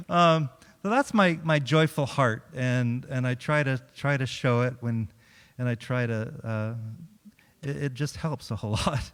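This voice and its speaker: A middle-aged chaplain with a smooth voice on the high side shares humorous stories with a congregation at a moderate pace. Lively and often laughing, he performs the quotes himself. The large church hall adds long reverb.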